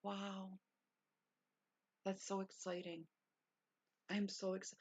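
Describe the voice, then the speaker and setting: A woman chatting casually to her stream viewers from her bedroom, repeating herself and gushing with excitement, sometimes keeping her voice down. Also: medium pitch, takes it slowly, long pauses, slightly rough, no room sound. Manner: hushed at times to stay quiet. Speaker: vlogger. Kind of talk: casual livestream chat. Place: bedroom at home. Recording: dull lo-fi sound.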